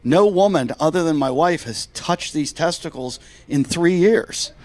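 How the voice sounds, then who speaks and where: A middle-aged man performing a stand-up comedy set on a club stage, telling stories deadpan and dropping his voice for quoted lines. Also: fairly high pitch, a little slow.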